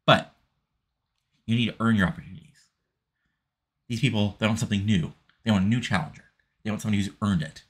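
A man's voice: on the low side, fast, long pauses, husky. A man reading out a brash TV boss. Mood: lecturing. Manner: salesy, lecturing. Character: brash male wrestling TV executive boss.

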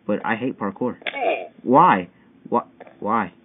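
A young man giving excitable, frustrated commentary while playing a parkour game, yelping at each failed jump. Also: fairly low pitch, takes it slowly, breathy edge. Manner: excitable, yelping and whining at failures. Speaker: gamer. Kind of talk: gameplay commentary. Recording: tinny phone-like mic with faint hiss.

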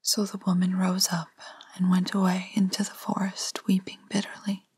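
Breathy whispering woman reading a fairytale. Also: on the low side, completely flat delivery, dry recording. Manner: gentle, unhurried storybook reading. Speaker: storyteller. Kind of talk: whispered role-play.

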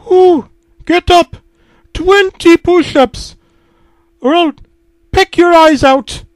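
A foul-mouthed cartoon owl with a piercing, high screech, put on by a man. He barks orders and spits insults in a shrill voice, far above a normal speaking pitch. The sound is dry and close, with no room around it. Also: slow pace, dry recording. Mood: shrieking.

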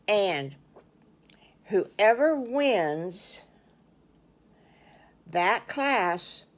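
Older woman, grandmotherly storyteller, very slow, lowish voice, folksy, bedtime-story telling. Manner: folksy, exclaiming "oh my goodness gracious". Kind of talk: improvised children's story narration.

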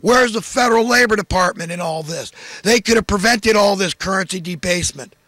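A man's voice: sits high, brisk, pushed and bright, no room sound, studio quality. A man delivering a preachy, impassioned monologue of social commentary, full of emphatic rhetorical questions. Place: in California.

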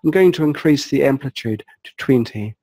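A man calmly narrating a software walkthrough step by step, explaining each setting as he clicks through it. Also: medium pitch, fairly quick, no room sound, poor audio. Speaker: software tutorial presenter. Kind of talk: screen-recorded software walkthrough.

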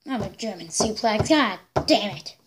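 A woman hosting a reaction video, giving excitable live commentary, exclaiming and laughing along as she watches. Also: medium pitch, normal speed, noisy background.

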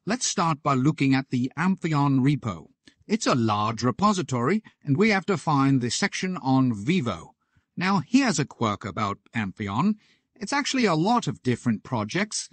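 A man hosting a software tutorial in a chatty, explanatory way. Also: medium pitch, dry recording. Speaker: tech video host. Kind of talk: tutorial narration.

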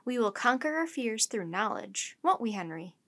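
A woman's voice: on the high side, very animated, moderate pace, a bit bright. A woman voicing an earnest, pompous older male professor who talks in a formal, lecturing way.

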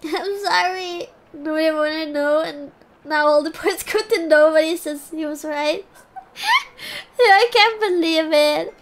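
Woman, very high voice, slow easy delivery, giggly, excitable, casual game stream chat. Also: slight background noise. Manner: giggly, laughs often between lines; excitable, groans and cheers at the game. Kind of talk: casual live gameplay chat. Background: faint background music.

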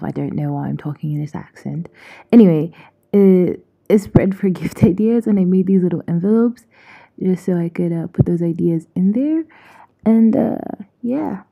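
A Zambian woman narrates her own vlog in a fairly low, creaky voice with a breathy edge, recorded on a muffled, phone-like mic. She's playful and self-mocking, tossing in drawn-out slang asides.

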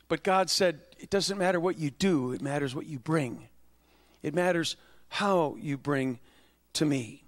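High-voiced preaching man, impassioned. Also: fairly bright tone. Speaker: pastor. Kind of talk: sermon.

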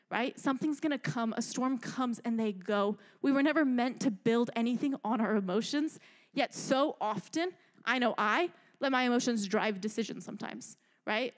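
Lively young woman giving a youth sermon. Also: a little high. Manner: animated, chatty, asks "right?" a lot. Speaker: youth speaker.

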